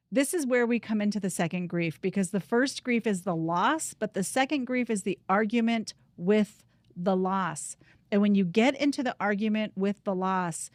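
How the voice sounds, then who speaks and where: A middle-aged woman speaking earnestly and from the heart, leading listeners through a calm guided practice. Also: medium pitch, no echo. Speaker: grief coach and host. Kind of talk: reflective personal talk and guided practice.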